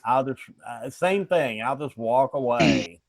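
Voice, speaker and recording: A man plays in a tabletop game at an everyday mid pitch. He talks hesitantly, stumbling and restarting. The sound is dry and close. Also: lively intonation, unhurried, no echo. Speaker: player.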